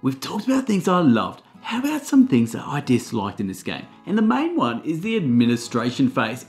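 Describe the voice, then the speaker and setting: A man gives a comedic board game review, cracking slangy jokes as he explains the rules. His pitch swings widely from line to line. Faint music plays behind him. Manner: jokey, animated, slangy asides.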